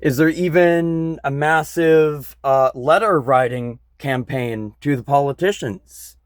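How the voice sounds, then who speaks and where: Slow-talking, angry man ranting. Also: on the high side, no room sound. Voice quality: blunt, frequent swearing, bitter. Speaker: vlogger. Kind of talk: angry political rant.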